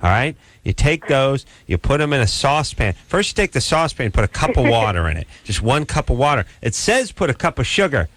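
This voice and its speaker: A man co-hosting a radio call-in show from a studio, talking fast comic banter and breaking into loud, mock-outraged rants. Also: medium pitch, sing-song, no room sound. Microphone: studio microphone.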